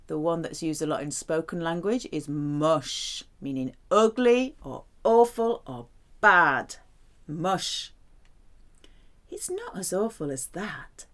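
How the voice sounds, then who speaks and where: A woman teaching a language lesson, slowly drilling phrases and humming placeholder sounds between words. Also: sits low. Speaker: French teacher.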